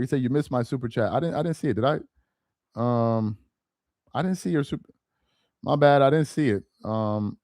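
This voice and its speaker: A man's voice: mid-range voice, a little mellow, dry recording, clean studio sound. A young man hosting a casual livestream, reading chat aloud with slangy, incredulous banter and frequent laughter.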